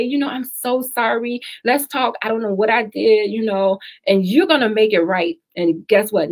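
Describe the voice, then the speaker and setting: A woman with a husky, breathy voice hosts a live call-in style radio talk. She speaks frankly and emphatically, often repeating a point twice to drive it home. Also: medium pitch, darkish tone. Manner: candid, emphatic, repeats advice for stress. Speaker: talk show host.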